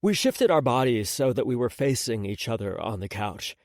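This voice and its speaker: Lively male audiobook narrator. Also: medium pitch, normal speed, no room sound, studio quality. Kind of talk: first-person romance audiobook narration.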